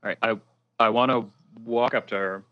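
A man's voice: mid-range voice, fairly even intonation, normal speed, lo-fi sound. A man playing in a tabletop role-play, hesitant and playful, with many fillers. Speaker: player.

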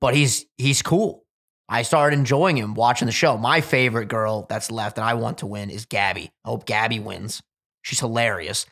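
A young man hosting a casual podcast, animated and swearing freely, acting out quotes as he tells stories. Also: mid-range voice, moderate pace. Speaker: podcast host.

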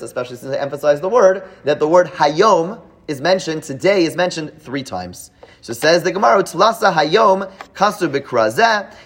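A man teaching a live class, explaining at length with many fillers, restarts and rhetorical checks to his students. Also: fairly high pitch. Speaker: teacher leading a Talmud class.

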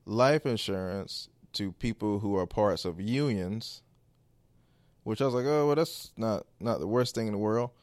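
A man hosting a podcast, telling a story casually in a rambling, animated way with quoted asides. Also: lowish voice, no room sound. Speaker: podcast host.

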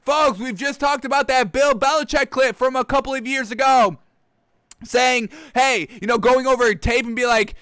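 A man giving solo football commentary, excitably ranting and calling his viewers "folks". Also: very high voice, moderate pace, no room sound. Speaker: sports commentator.

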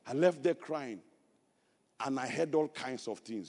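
A man's voice: medium pitch, expressive, a little slow. Nigerian man preaching in echoing hall. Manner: storytelling, rising to loud emphatic preaching. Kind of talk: sermon testimony.

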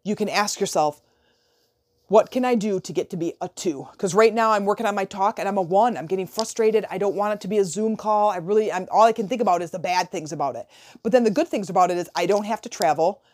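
Woman motivational coach, chatty and lively, talks straight to her viewers, mid pitch. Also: quick pace. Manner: chatty and animated, with frequent restarts and acted-out inner dialogue. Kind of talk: casual motivational talk to viewers.

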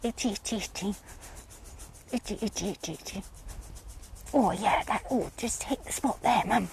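A woman putting on the voice of her pet mare, who murmurs softly and drowsily to her owner. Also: medium pitch, moderate pace, creaky, a little hiss or hum, lightly acted. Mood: drowsy content.

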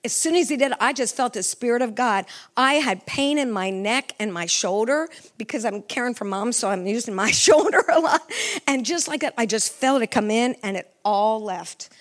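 A woman's voice: fairly high pitch, moderate pace. A middle-aged woman preaching a sermon with fervor, asking the congregation questions. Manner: fervent, asks the congregation questions.

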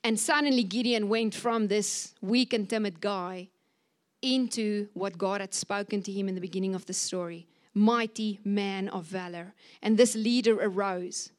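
A woman's voice: mid-range voice, fairly even intonation, moderate pace. A woman preaching a sermon in a church service, fervent and exhorting, acting out scripture quotes with a raised voice.

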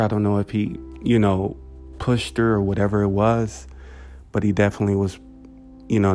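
Guy with a low flat voice telling an old family story, lots of um and you know, soft music behind. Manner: halting, many fillers and "you know". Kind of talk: personal storytelling.

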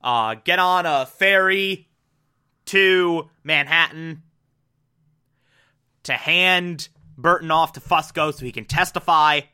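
Bright-voiced man recapping a TV episode. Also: on the high side, slow pace, pauses often, smooth. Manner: enthusiastic, swears, asides. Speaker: TV episode reviewer. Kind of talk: casual spoken episode recap and review.

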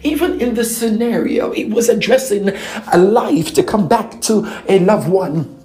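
A woman preaching a fervent sermon, repeating phrases and filling pauses with "praise God.". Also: medium pitch, expressive, warm tone, faint music behind.

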